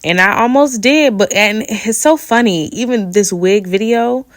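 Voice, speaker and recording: A woman's voice: medium pitch, measured pace, dry recording, clean studio sound. A young woman hosting a casual solo podcast, chatting with playful slang and laughing as she goes. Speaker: podcast host.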